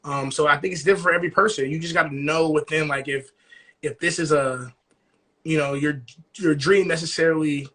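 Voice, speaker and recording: A man's voice: a little high, fairly even intonation, fairly quick, bright, forceful tone. A young man co-hosting a podcast, chatting casually and animatedly, often asking "you know what I'm saying". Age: young adult. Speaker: podcast co-host. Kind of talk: casual chat.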